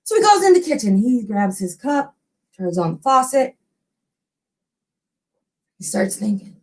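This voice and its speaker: A woman telling a ghost story in an expressive, animated storytelling style. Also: mid-range voice, a little slow, pauses often. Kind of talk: dramatic oral storytelling.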